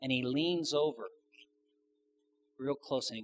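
A man's voice: medium pitch, measured pace, a little hiss or hum. A man preaching a sermon to his congregation, conversational, asking the audience questions and adding joking asides. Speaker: pastor.

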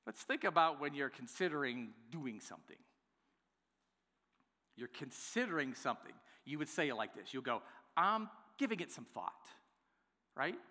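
A man preaching a sermon as pastor, playful and lively, acting out the excuses people give. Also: mid-range voice, normal speed, long reverb tail. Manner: lively, playful, acts out congregants' replies. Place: church worship center.

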